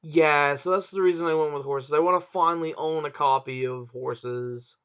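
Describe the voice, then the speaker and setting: A man's voice: on the high side, fairly even intonation, moderate pace, a bit bright, smooth. A man co-hosting a casual podcast chat, hesitant and searching for words. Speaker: podcast co-host. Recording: dull lo-fi sound.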